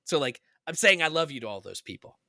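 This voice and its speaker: In clean studio sound with no echo, a podcast co-host talks quickly in a fairly high-pitched voice. He tells rambling stories in casual chat and animatedly voices the people he quotes.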